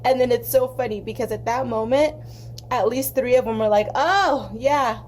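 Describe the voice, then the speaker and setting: A young woman from southern California, hosting an art channel, telling a long story in a chatty, animated way while she colors. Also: fairly high pitch, fairly quick, slight background noise. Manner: chatty, animated, acts out quoted voices.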